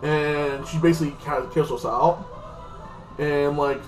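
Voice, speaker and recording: A man's voice: fairly high pitch, steady tone, a little slow. A man giving a casual, rambling episode recap, leaning on filler phrases like "like this". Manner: rambling, repeats "like this" and "freaking". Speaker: TV show reviewer. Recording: echoey room, distant mic, faint music.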